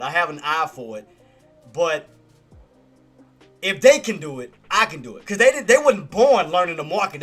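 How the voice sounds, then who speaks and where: A man's voice: fairly high pitch, bright, forceful tone. A man who streams about stock trading, talking casually and candidly to viewers, laughing often and using slangy everyday speech.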